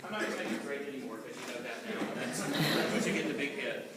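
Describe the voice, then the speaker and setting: A man's voice: mid-range voice, fast. A man coaching a choir, playfully demonstrating sounds for the singers to repeat. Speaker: choir clinician. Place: large echoey hall. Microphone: distant camera mic. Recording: very echoey hall, heard from far off, loud noise.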